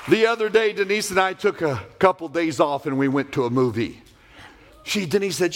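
A man preaching a sermon as pastor, emphatic and animated, telling stories with vivid sound effects. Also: on the high side, moderate pace.

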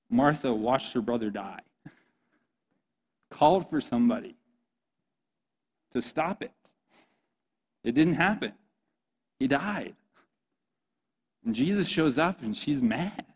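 A man's voice: mid-range voice, expressive, slow, long pauses, slightly rough. Earnest man preaching to youth. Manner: earnest, impassioned, addresses listeners as "guys". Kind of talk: sermon.

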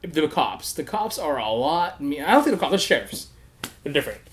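A young man chatting casually and telling a story, animated and profane, often laughing and acting out what people said. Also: fairly high pitch, a little fast.

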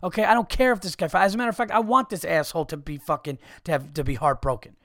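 Brief: male podcast host, higher-pitched voice, swears a lot, exasperated rant, dry close mic. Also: steady tone, fast, a bit bright, no echo. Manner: profane, exasperated, mocking. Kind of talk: comic storytelling rant.

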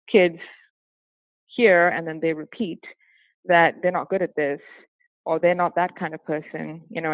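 Her voice is on the low side, coming through a dry, tinny, phone-like line with no room sound. She's a former teacher from Singapore, guesting on a casual interview with a hybrid, slightly British accent, and she's lively, laughs a lot, and acts out quotes.

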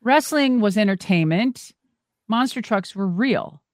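A middle-aged woman, a former wrestler and monster truck driver, telling animated stories as a guest and swearing freely. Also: mid-range voice, measured pace, dry recording. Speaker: interview guest. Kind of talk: casual storytelling.

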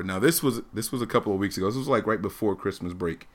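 Guy in his 30s telling a funny family story, bright lively voice, acts out everyone. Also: mid-range voice, brisk. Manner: animated, acts out voices, laughs often. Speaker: podcast host telling a story. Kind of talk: casual storytelling chat.

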